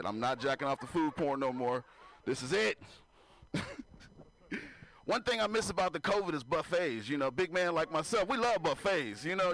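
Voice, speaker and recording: A man's voice: high-pitched, sharp tone. A man performing a stand-up comedy set on a club stage, talking loosely to the crowd and laughing at his own jokes. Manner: loose, conversational, keeps asking the crowd to clap. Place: comedy club stage before a live audience.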